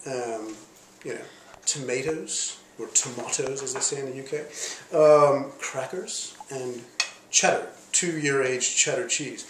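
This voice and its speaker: A man's voice: medium pitch, fairly bright tone, reverberant, a little hiss or hum. A man hosting a casual wine tasting, chatty and full of leading questions, recorded on a handheld camcorder. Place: outdoors in snow, then indoors.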